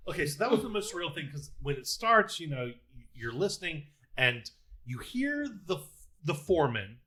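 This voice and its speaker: A man chats on a movie review panel with a bright, forward tone. His pitch moves a lot, and he tells his points like little stories, with a wry edge. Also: very animated, normal speed, breathy edge. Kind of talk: casual movie review chat.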